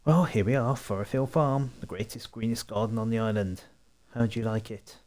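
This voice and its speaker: A man's voice: lowish voice, fairly even intonation, fairly quick, a little mellow, close to an everyday voice. A man voicing an eager, upbeat young farm girl in a video game, reading her lines aloud.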